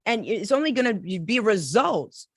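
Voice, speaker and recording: A woman's voice: medium pitch, very animated, measured pace, slightly rough, dry recording. A woman hosting a live podcast chat as a coach, talking in enthusiastic, effusive bursts. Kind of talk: casual live-stream chat.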